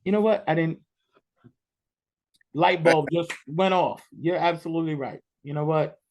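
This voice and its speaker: A man from New York hosting a podcast, chatting casually and telling stories in an animated, excitable way. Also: fairly high pitch, normal speed. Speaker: podcast host. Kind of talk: casual interview chat.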